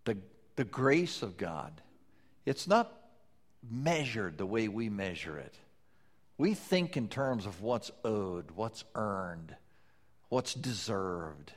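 A man preaching a sermon, swinging between loud pleading passages and soft, low-spoken lines. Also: big pitch swings, takes it slowly. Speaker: pastor.

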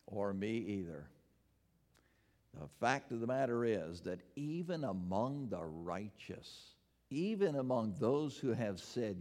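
Low-voiced man preaching in a reverberant hall. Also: very animated, slow, a little mellow. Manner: earnest, emphatic preaching, rising for questions and dropping low to stress a point. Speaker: pastor. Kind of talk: sermon.

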